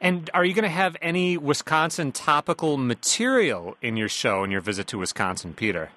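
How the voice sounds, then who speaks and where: A man interviewing guests on the radio, asking quick friendly questions. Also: on the high side, lively intonation, sharp tone.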